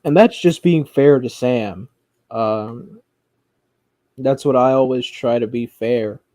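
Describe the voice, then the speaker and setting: A commentary streamer with a medium-pitched, warm voice speaks slowly and casually, with no room sound. He rambles, swears often, and keeps restarting his sentences, leaning on lots of fillers.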